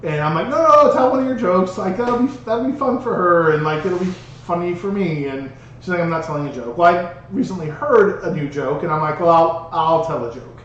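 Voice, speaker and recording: A man co-hosting a podcast, telling an embarrassing story in an animated way and laughing through it. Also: high voice, fairly quick, hardly any pauses, dull audio. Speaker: podcast co-host. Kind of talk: casual storytelling chat. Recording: roomy, distant mic with background noise.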